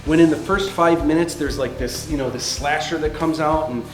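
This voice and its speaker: Animated man teaching screenwriting. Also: on the high side, normal speed, faint music behind. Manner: animated, conversational. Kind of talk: instructional talk. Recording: roomy echo.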